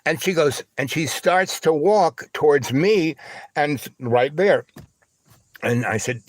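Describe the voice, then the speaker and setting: A man hosting a livestream, telling a long rambling anecdote full of fillers and asides, now and then squealing in a high voice for the people in his story. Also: a little slow, no echo. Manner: acts out other voices with big high squeals. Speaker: livestream host.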